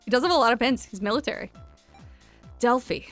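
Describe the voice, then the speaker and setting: Chatty woman streamer, kinda high voice, laughing asides between game lines. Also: fairly quick, fairly bright tone, soft background music. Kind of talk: casual game commentary.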